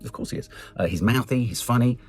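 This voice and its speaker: A man with an English accent giving a chatty, animated film review, swearing casually and jumping into high mock voices. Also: fast, soft background music.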